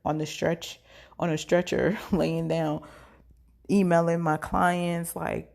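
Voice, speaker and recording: Gravelly-voiced woman telling a story. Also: lowish voice, little pitch movement, takes it slowly, a little mellow. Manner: chatty, scattered, acts out quotes of others. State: in pain. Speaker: podcast host. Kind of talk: casual storytelling.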